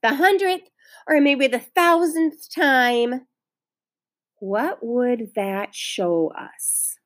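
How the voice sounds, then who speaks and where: A woman teacher reading a children's novel aloud to her class, pausing to talk to the children. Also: high-pitched. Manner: expressive storytelling, pauses to explain to children.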